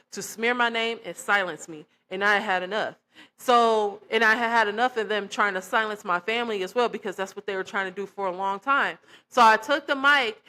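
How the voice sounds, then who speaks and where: Animated woman telling her story, bright voice. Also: medium pitch. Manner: animated, emphatic, addresses viewers as y'all. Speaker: vlogger sharing her testimony. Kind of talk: casual storytelling to camera.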